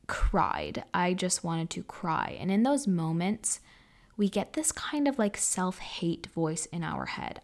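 Twenty-something woman doing a solo podcast, lowish voice with lots of fry, soft and earnest, half whispering. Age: 20s. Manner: soft, earnest, often dropping into a breathy whisper. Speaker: podcast host. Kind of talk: reflective solo podcast monologue.

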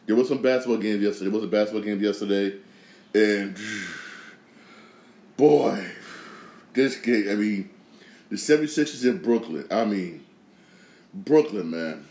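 A man's voice: fairly low pitch, warm tone. A man hosting a podcast, giving opinionated sports and news commentary in an emphatic way, repeating phrases and restarting sentences. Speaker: podcast host. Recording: echoey room.

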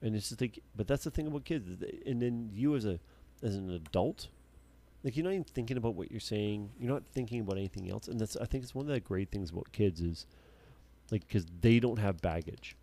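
A man's voice: fairly low pitch, lively intonation, a little fast, dark tone. A man co-hosting a podcast, rambling casually and swearing freely. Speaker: podcast co-host. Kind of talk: casual chat.

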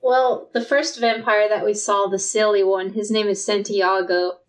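A woman's voice: medium pitch, fairly even intonation, moderate pace, poor audio. A woman co-hosting a casual movie podcast, explaining scenes carefully and giggling now and then. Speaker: podcast co-host. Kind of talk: casual movie recap chat.

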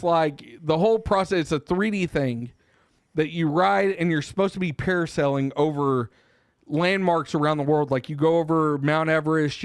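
A man co-hosting a podcast, telling a long story in casual, profane chat and getting loud and animated when worked up. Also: a little high, clean tone, no echo, clean studio sound. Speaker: podcast co-host.

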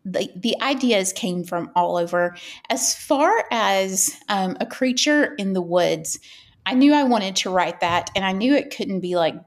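A woman's voice: mid-range voice, animated, measured pace. A woman author, from the Southern United States, talking about her writing in a casual interview, chatty and enthusiastic. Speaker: author guest.

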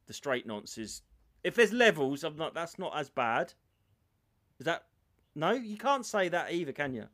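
A British man cracking jokes on a podcast in loose, playful chat, laughing a lot. His tone is bright and sharp, and his pitch leaps all over the place. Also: sing-song, moderate pace. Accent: British English. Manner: jokey, playful, laughs a lot, jumps into silly voices. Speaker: podcast co-host. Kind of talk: casual chat.

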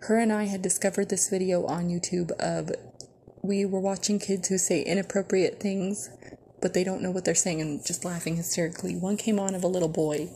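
A young woman hosting a podcast, telling stories in a casual, animated way and swearing freely. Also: fairly low pitch, a little fast, slight background noise. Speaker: podcast host. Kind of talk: casual storytelling.

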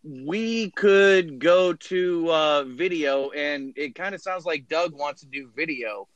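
A man's voice: fairly high pitch, takes it slowly, dull audio. A man from Florida hosting a casual podcast, chatty and joking. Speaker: podcast host.

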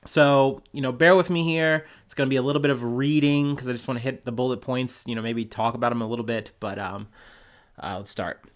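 A man's voice: medium pitch, steady tone, fairly quick. A man hosting a casual news podcast, talking with a congested, nasal voice from a cold and rambling loosely with fillers and restarts into a podcast microphone. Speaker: podcast host.

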